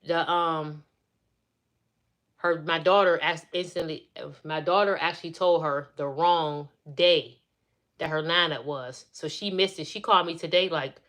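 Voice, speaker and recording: Woman, middle-aged, fairly low voice, casual live-stream talk, chatty, venting. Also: steady tone, unhurried, a bit bright. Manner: chatty, vents as she retells family drama.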